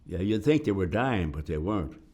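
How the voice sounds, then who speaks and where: An older man with a lowish voice recounts his wartime memories in an interview. He tells the stories vividly, jumping into the voices of the people in them and into the sounds of gunfire. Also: expressive, brisk, a little mellow. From Detroit, United States. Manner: vivid storytelling, acting out voices and gunshots. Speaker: war veteran interviewee. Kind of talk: oral history interview.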